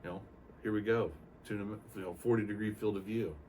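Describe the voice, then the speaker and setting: An older man with a low voice tells his story in a casual, rambling way, acting out bits of dialogue as he goes. The mic sits some way off. A faint hum of room noise runs behind him. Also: a little fast, distant mic. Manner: rambling, animated retelling with acted-out quotes. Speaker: retired Navy aircrewman giving a testimonial.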